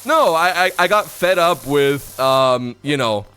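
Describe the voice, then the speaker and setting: A young man chats on a live stream, ranting and swearing as he tells stories. His pitch sits a little high and swings widely. Faint music plays under him. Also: unhurried, smooth. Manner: profane, ranting, animated storytelling. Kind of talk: casual live-stream chat.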